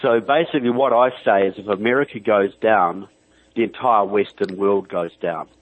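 A man's voice: on the low side, moderate pace, no echo. A man from New Zealand with a New Zealand accent, a guest author calling in to a political radio show, talking earnestly and stacking up long lists. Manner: earnest, emphatic, runs through long lists. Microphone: telephone. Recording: phone line.

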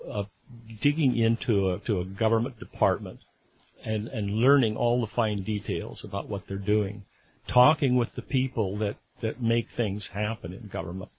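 On a radio show, a man with a lowish, slightly rough voice talks earnestly about civic volunteering, drawing on his time as a grand jury member. He often stumbles and restarts mid-thought. Captured on a studio microphone, the audio has a slightly dull broadcast quality.

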